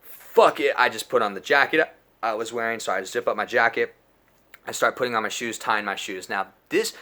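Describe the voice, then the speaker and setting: Young man, twenties, bright forceful voice, slangy, crude, storytime vlog. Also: medium pitch. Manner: crude, slangy, animated, peppered with dude and bro. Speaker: storyteller vlogger. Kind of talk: casual storytime monologue.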